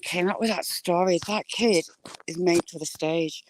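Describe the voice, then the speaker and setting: A woman's voice: fairly low pitch, normal speed, no room sound, rough recording. A woman, chatting casually to viewers while she walks, greeting them by name. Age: adult with a school-age child. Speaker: live-streaming vlogger.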